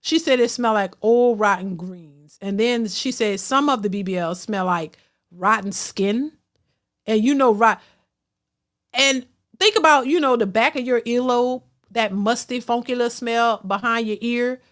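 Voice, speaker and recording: A middle-aged woman talks casually to her livestream viewers, thanking them for super chats as she goes. She is blunt and outspoken, and she often stumbles and restarts. Her voice sits a little high for a woman. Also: a little slow, a bit bright. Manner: outspoken, repeats herself, frequent restarts. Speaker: host of a reaction livestream.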